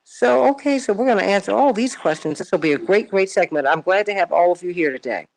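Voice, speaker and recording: A woman's voice: medium pitch, lively intonation, fast talker, creaky, a little mellow. A woman hosting a morning talk radio show from a studio, chatty and exclamatory, often repeating her words.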